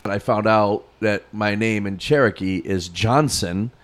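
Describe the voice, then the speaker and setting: A man's voice: fairly low pitch, a little slow. A man co-hosting a casual chat, rambling and laughing often as he talks. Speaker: podcast co-host.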